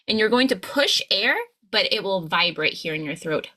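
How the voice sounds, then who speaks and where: An American woman talks through a pronunciation lesson with a bright, forward voice. She slows right down and stretches each syllable when she demonstrates it. Her pitch stays mid-range for a woman. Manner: slow drawn-out modelling of sounds. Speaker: pronunciation coach. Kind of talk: scripted pronunciation lesson to camera.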